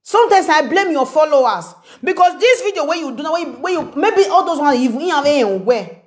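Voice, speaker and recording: A woman's voice: high-pitched, animated, brisk. A woman with a Nigerian Pidgin English accent, ranting and mocking someone in a confrontational commentary video. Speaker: social media commentator. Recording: echoey room.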